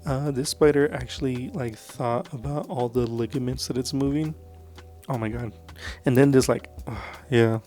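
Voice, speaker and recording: Casual male vlogger at mid pitch, rambling and earnest, over faint music. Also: normal speed, mellow. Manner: loose and rambling, full of "like" and "um" fillers; earnest and enthusiastic about films. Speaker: vlogger reviewing movies. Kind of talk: casual movie review chat.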